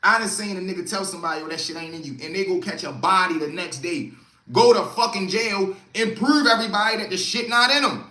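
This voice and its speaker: A man's voice: high voice, fairly quick, pushed and bright, echoey room. A man hosting a casual livestream, talking street life in a streetwise storytelling way and greeting viewers by name. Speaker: livestream host.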